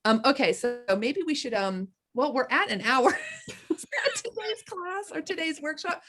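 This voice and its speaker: Laughing, high-pitched chatty woman. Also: unhurried, soft background music. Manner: animated storyteller, laughs often, trails off mid-sentence. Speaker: co-host of a wellness group chat. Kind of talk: casual chat.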